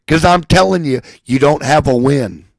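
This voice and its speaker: A man delivering a furious, profane rant, shouting at times and at others dropping to a low seething threat. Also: moderate pace, creaky, no room sound, rough recording. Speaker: ranting speaker.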